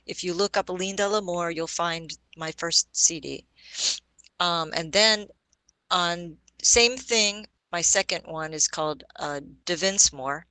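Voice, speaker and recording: A woman's voice: on the low side, bright, forceful tone, smooth, no room sound, low-quality recording. A woman guesting on a podcast, telling about her music in a chatty way, often laughing and spelling names out. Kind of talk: casual podcast chat.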